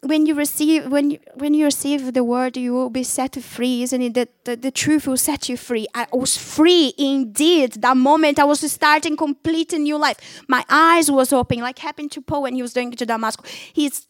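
A woman's voice: high voice, fairly even intonation, moderate pace, few pauses, no room sound, studio quality. A woman giving an emotional personal faith testimony, talking animatedly in conversational English with non-native phrasing.

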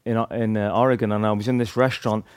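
A man's voice: lowish voice, little pitch movement, fast, clean tone, no room sound, clean studio sound. Rambling man telling faith stories. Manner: rambling, heavy use of "like" and "you know", restarts. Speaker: street evangelist. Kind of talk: casual storytelling testimony.

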